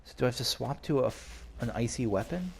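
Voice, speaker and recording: Man, middle pitch, slightly gravelly; chatty game streamer, faint noise floor. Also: expressive, quick pace, darkish tone. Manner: chatty, thinks aloud, reads in-game notes. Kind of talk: casual let's-play commentary.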